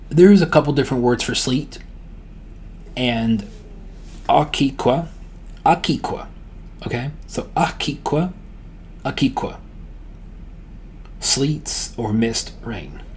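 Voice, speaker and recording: A man teaching a language lesson in a casual, relaxed way, repeating words slowly and often checking in with the listener. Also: medium pitch, a little hiss or hum. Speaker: language tutor.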